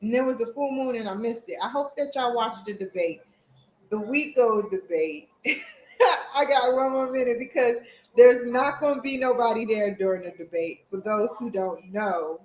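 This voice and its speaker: A woman's voice: a little high, moderate pace, a little mellow, reverberant, low-quality recording. A woman vlogging at home, chatting casually and rambling straight to her viewers. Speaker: vlogger, college student. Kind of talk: casual chat to camera. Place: at home, indoors.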